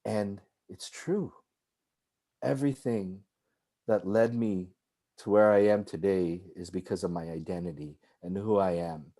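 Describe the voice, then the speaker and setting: Low, mellow-voiced man telling a story. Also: measured pace. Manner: animated, frequent "like", restarts. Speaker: filmmaker guest. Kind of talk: personal storytelling in conversation.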